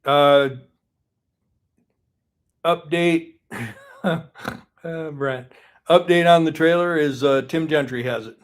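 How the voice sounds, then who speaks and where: A man's voice: a little high, slow pace, pauses often. A man hosting a casual live stream, rambling, teasing and greeting viewers by name.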